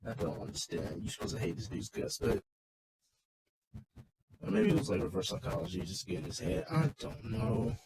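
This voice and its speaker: A man's voice: deep voice, wildly swooping pitch, brisk, gravelly, pauses often, a little mellow, a little hiss or hum, rough recording. A man casually recapping a wrestling show in a loose, rambling, swearing rant.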